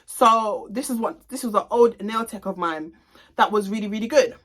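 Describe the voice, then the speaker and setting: In this casual storytime vlog, the salon owner talks at normal speed in a mid-range, fairly bright voice. The young woman addresses her viewers directly, dishing gossip bluntly and cursing without restraint.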